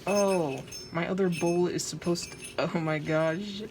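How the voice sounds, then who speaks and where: A woman's voice: fairly low pitch, a little slow. A woman narrating her own craft project in a casual vlog, anxious, dramatic and joking at her own expense. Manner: anxious, dramatic, self-mocking. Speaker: vlogger. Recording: noisy home recording.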